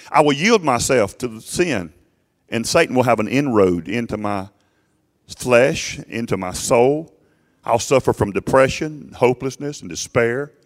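A male pastor preaching a sermon emphatically to his congregation, often urging them to listen, his voice swelling loud and falling low. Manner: emphatic preaching, rising and dropping sharply in loudness; addresses congregation directly with repeated "listen".

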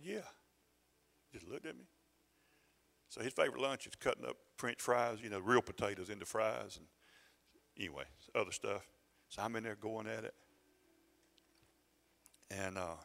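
An older man, preaching a sermon as a pastor in a conversational, storytelling way, often halting and restarting his sentences. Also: mid-range voice, creaky, fairly bright tone. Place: church sanctuary. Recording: reverberant church hall.

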